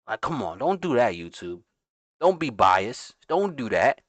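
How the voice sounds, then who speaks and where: In a dry recording with faint music behind him, a day trader with a New York accent runs a casual livestream, breathless and pumped up, using loose slang and singing along. His mid-range voice is very animated and fairly bright, moving at a moderate pace.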